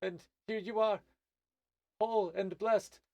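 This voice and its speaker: A squeaky, groveling gnome. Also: male voice, fairly even intonation, takes it slowly, dry recording, muffled recording. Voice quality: squeaky high put-on voice. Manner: uses British slang, apologetic and groveling. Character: jittery male gnome sentry, fawning and panicky.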